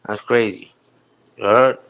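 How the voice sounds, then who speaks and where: A man's voice: on the low side, fairly even intonation, a little slow, gravelly, a bit bright. A man hosting a live stream, ranting heatedly with profane street slang. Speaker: livestream host. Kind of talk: casual livestream rant.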